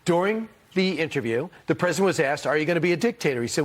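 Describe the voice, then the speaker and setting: A man co-hosting a TV news talk segment, speaking in a brisk, animated way. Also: sits high. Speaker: morning show co-host.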